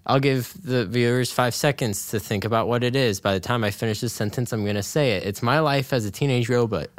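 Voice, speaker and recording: A young man co-hosting a podcast, energetic and full of quick questions in casual chat. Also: mid-range voice, dry recording. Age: young adult. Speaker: podcast co-host.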